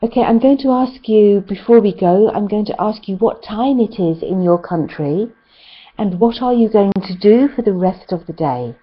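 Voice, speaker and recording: A woman's voice: medium pitch, normal speed. A woman with a British accent, teaching an English class over a video call in a chatty way with frequent ums. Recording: slightly muffled call audio.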